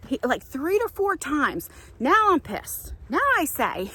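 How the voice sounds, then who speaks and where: Woman, 40s, animated storyteller, walk-and-talk vlog, lively highish voice. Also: a little slow, hardly any pauses, no echo. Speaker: vlogger. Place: outdoor nature trail.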